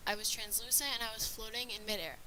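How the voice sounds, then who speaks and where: A woman's voice: on the high side, fairly even intonation, quick pace, bright, forceful tone, slight background noise, poor audio. A woman narrating a scripted horror story with a dramatic reading manner.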